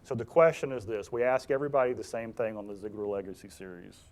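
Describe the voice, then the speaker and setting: A man's voice: fairly low pitch, steady tone, quick pace, a little mellow. A man hosting a webcast interview, talking in a friendly, conversational way. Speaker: host.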